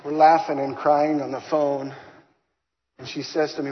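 A man giving a lively faith testimony, acting out the dialogue as he tells his story. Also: a little high, normal speed. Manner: animated, acts out dialogue. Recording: long hall reverb, slightly dull, faint hiss.

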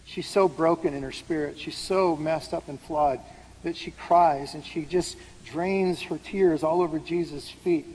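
A pastor with a higher-leaning, darkish voice and a breathy edge talks through scripture conversationally, posing questions to his listeners. The setting is a large hall with an audience, heard through reverb and light background noise.

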